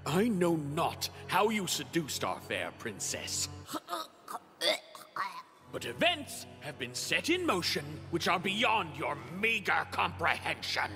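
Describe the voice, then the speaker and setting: Male actor: smug aristocrat in a parody cartoon, high, wildly swooping, hall reverb. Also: very animated, slow pace, pushed and bright, heavily acted. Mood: haughty. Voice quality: pompous, formal diction. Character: pompous young male noble, haughty and smug. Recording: reverberant with background music.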